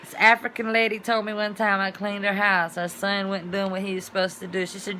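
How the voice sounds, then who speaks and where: A woman's voice: medium pitch, level tone, brisk, few pauses, pushed and bright, slight background noise. A woman vlogger talking in a casual, rambling monologue, with colloquial, folksy phrasing and sound-effect words.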